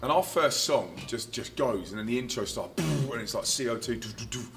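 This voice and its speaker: Animated man telling stories. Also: mid-range voice, moderate pace, soft background music. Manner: animated, laughing, acts out quotes loudly. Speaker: touring Christian musician, interview guest. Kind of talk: casual anecdotal storytelling.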